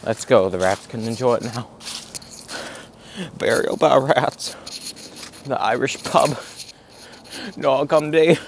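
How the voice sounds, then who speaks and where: A man playing a loud, crude, excitable hillbilly vlogger who swings between yelling and muttering. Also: medium pitch, slow pace, long pauses, a little hiss or hum. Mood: frantic. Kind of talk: comedic character vlog.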